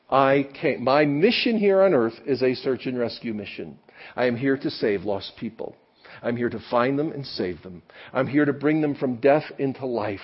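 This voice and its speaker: Impassioned pastor, husky lively voice. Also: male voice, mid-range voice. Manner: impassioned, rhetorical questions to congregation. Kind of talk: sermon. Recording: dull lo-fi recording.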